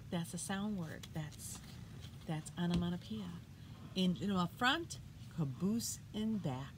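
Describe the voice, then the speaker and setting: A woman's voice: lowish voice, measured pace, a little hiss or hum. Woman teacher reading poems to kids. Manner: animated, loud sound words, asks children questions. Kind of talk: read-aloud poetry lesson for children. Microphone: iPad.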